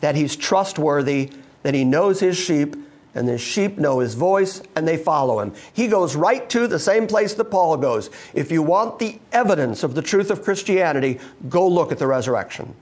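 A man's voice: on the high side, animated, normal speed, a little mellow. A man preaching a sermon to a live congregation, emphatic and full of rhetorical questions put to the listeners. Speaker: pastor.

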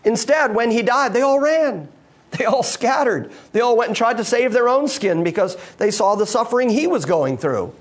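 A man's voice: extremely high pitch, lively intonation, moderate pace. A man preaching a sermon to a live congregation, emphatic and full of rhetorical questions put to the listeners. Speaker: pastor.

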